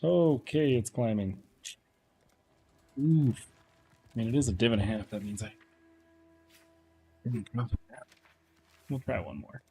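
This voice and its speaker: A man streaming a game, chatting casually and playfully teasing his chat, often dropping into quiet muttering. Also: fairly low pitch, normal speed, pauses often, a little hiss or hum. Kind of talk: casual live-stream commentary.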